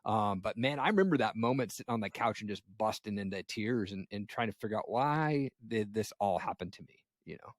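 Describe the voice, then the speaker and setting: A man's voice: lowish voice, animated, brisk, hardly any pauses, no echo. Laid-back man host, dry sound. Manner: laid-back, reflective, says "man" often. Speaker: podcast host. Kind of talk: casual conversation.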